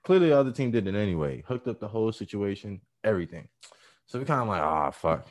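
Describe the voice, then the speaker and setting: Low-voiced man telling a profane story. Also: quick pace. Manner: profane, animated, acts out voices and laughs. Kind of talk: casual storytelling chat.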